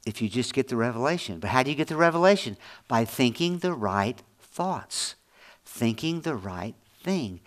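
A middle-aged man preaching a sermon as pastor, folksy and earnest, repeating his points and dropping low and quiet to press them home. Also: expressive, normal speed.

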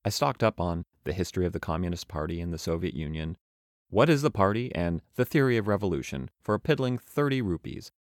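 A young man reads out his backpacking journal in a wry, self-mocking tone. His voice sits low, and the recording is dry and close with no room sound. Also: expressive, brisk, dry recording. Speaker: travel podcast narrator. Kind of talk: reading a travel journal aloud.

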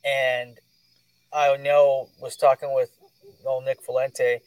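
A man's voice: medium pitch, little pitch movement, takes it slowly, clean tone, no room sound, far from the mic, low-quality recording. A man hosting a podcast, chatting casually in loose, filler-heavy talk. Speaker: podcast host.

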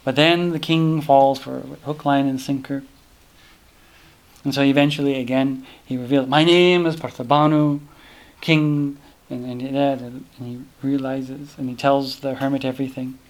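A man's voice: mid-range voice, flat delivery, moderate pace, a little mellow. A man teaching a scripture class in a casual, rambling way, often breaking off and restarting. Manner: rambling, self-interrupting, many fillers.

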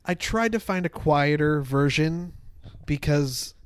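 Man, casual chat, laughs often, slightly high voice, dry close sound. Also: animated, slow pace, clear, resonant tone, dry recording. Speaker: podcast co-host.

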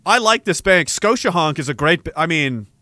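A man delivering a sarcastic, profane satirical rant as an online commentator, slipping into a mock bank-salesman pitch. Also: animated, moderate pace, sharp tone, no echo. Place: Canada.

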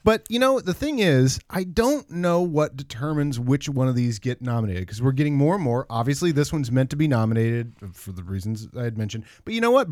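A man's voice: mid-range voice, no echo, studio quality. A man co-hosting a casual movie podcast, musing and rambling with restarts. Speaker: podcast co-host.

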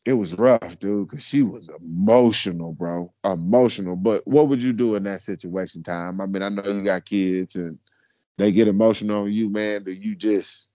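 A man co-hosting a podcast, telling a story in a casual, animated, slangy way and often calling people bro. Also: fairly low pitch, moderate pace, dry recording, highs cut off. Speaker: podcast co-host.

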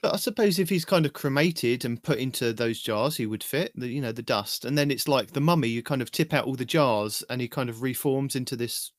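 A man's voice: medium pitch, fairly quick, hardly any pauses, no echo, studio quality. A man co-hosting a casual podcast, eagerly throwing out theories. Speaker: podcast co-host. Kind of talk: casual chat.

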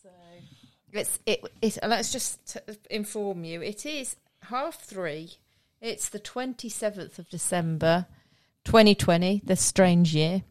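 A woman's voice: mid-range voice, a little slow, no room sound. A woman from Oxford co-hosting a podcast, chatting casually with long, meandering explanations. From Oxford, England. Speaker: podcast co-host. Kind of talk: casual chat.

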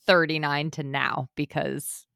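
Woman, podcast host, upbeat, giggly, low-pitched, dry sound. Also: little pitch movement, measured pace, creaky, fairly bright tone, clean tone, dry recording. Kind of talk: casual interview.

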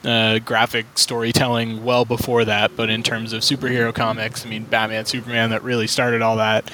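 A man's voice: medium pitch, monotone, a little fast, sharp tone, a little hiss or hum. A man hosting a casual podcast chat over a video call, rambling and hedging with lots of fillers and restarts. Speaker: podcast host.

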